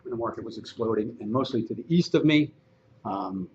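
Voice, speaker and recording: Animated man giving a training talk. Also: mid-range voice, brisk, creaky, muffled recording, slight background noise. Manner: animated, conversational, acts out dialogue. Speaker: real estate agent and trainer. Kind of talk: training presentation to a room.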